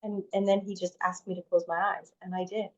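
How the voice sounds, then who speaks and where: A woman in her forties, guesting on a podcast, talks briskly in a fairly low, level, darkish voice over dull lo-fi audio. She tells a personal story in a chatty way, using "like" heavily and restarting often.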